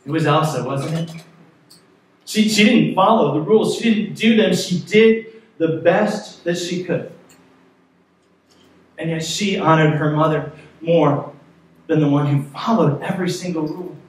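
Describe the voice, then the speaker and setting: A man preaching a sermon as pastor, telling a story in a conversational, lively way. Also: fairly high pitch, measured pace, long pauses. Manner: storytelling, animated in places, conversational. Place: church sanctuary. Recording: echoey sanctuary, mic far off.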